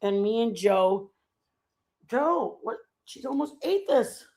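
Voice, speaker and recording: A woman's voice: fairly high pitch, expressive, slow pace, dark tone. A woman in her fifties from the United States, chatting casually and rambling to her viewers on a live stream. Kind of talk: casual chat.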